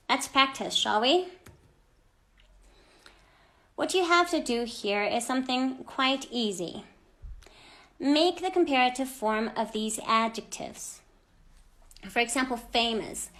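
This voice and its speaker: A woman with a fairly high voice teaches a children's grammar lesson at an unhurried pace. She speaks clearly and deliberately, stressing each example word and encouraging her young learners. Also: fairly bright tone. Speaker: English teacher.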